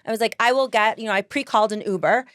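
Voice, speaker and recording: Podcast host, woman, casual storyteller; slightly high voice, close dry mic, lively and quick to laugh. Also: no room sound. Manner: animated, laughs often, quotes people in voices.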